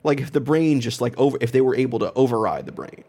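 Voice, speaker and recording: A man's voice: medium pitch, expressive, quick pace, dark tone. A man co-hosting a comic book podcast, talking animatedly with stumbling restarts and laughing often. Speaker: podcast co-host. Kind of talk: casual comic book chat.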